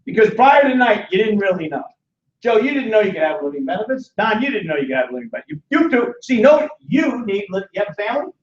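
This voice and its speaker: An older man in his sixties runs a lively financial sales seminar, joking and peppering the audience with questions. His voice sits high for a man. The recording is dull and echoey, picked up from across the room. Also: quick pace, far from the mic. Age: 60s.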